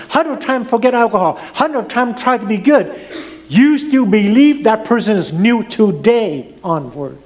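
A middle-aged man preaching a sermon as pastor, swinging his voice up and down, with some non-native grammar. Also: high voice.

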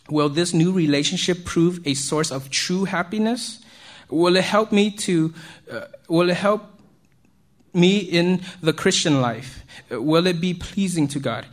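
A man giving an informal sermon to young people, keeping it conversational and checking in with his listeners as he goes. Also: fairly high pitch. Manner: conversational, keeps checking in with "right?"; chuckles between points. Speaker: youth speaker.

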